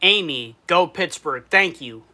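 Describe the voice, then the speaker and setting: Bright-voiced man with a New York accent. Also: a little high, expressive, measured pace. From Western New York. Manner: reads viewer comments aloud and answers them. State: sad. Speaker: streamer reviewing food. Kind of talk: casual livestream chat.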